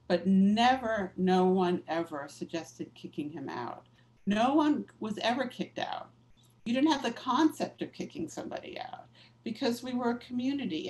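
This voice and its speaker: A woman's voice: mid-range voice, a little mellow, rough recording. Candid woman author recalling activism. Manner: candid, reflective storytelling with casual fillers. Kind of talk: conversational interview.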